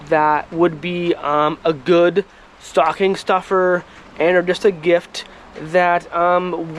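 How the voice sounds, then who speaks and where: A man hosting a firewood channel, talking casually to camera outdoors in halting speech full of ums and restarts. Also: high-pitched. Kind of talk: casual vlog talk to camera. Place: outdoors by a woodpile, rain and traffic nearby. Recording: light rain and road noise behind.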